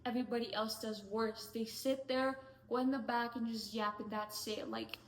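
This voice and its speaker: A young woman vlogs a storytime rant in a slightly high, flat voice, exasperated and chatty, full of "like"s. The room around her is echoey. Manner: exasperated, fast and chatty, many "like"s. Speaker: vlogger.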